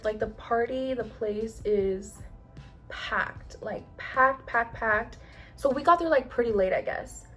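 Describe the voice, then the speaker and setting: A young woman with a fairly high voice tells a long story while getting ready on camera. She talks in a loose, slangy, animated way, swears freely and acts out what everyone said. Faint music plays behind her. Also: slow pace. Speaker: beauty vlogger.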